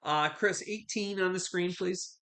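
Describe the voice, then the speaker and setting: Chatty bright-voiced man hosting a live sale. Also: high-pitched, unhurried, roomy sound. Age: 50s. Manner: chatty, calls viewers honey and sweetie. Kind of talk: live online auction selling. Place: his home.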